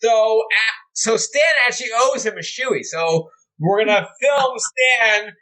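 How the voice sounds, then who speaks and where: A man's voice: sits high, animated, measured pace, pushed and bright. A man hosting a podcast, blunt and teasing, swearing freely in casual chat. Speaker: podcast host.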